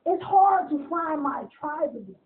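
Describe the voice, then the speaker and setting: A woman telling casual stories in an interview, animated, laughing often, swearing freely and acting out other people's lines in quick bursts. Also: high-pitched. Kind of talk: casual storytelling. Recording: tinny phone-like audio.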